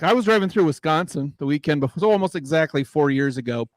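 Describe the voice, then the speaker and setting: Talking fast and animatedly with few pauses, a middle-aged comedian with a slightly high voice delivers a rambling, crude routine and chuckles at his own gags. The mic sits in a small garage, but there's no echo and the quality is studio-grade.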